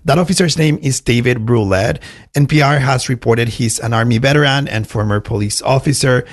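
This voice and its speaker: Steady male radio correspondent. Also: medium pitch, fairly quick. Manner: steady, informative delivery. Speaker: news correspondent. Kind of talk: radio news reporting.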